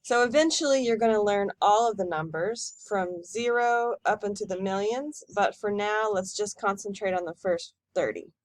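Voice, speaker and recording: A woman teacher giving a recorded lesson, modelling each number slowly and clearly for students to repeat. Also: mid-range voice, dry recording. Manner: slow, careful model pronunciation for repeating. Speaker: Spanish teacher.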